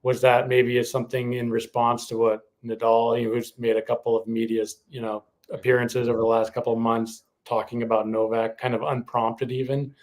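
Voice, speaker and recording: A man's voice: mid-range voice, flat delivery, normal speed, few pauses, a little mellow. Hesitant man co-hosting a podcast. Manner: hesitant, many fillers and restarts. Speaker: podcast co-host. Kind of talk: casual chat.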